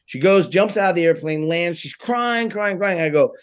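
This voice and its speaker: A man with a somewhat high voice tells a personal story in relaxed conversation. He is animated and acts out what each person in the story said. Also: a little fast, few pauses. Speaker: guest telling a story.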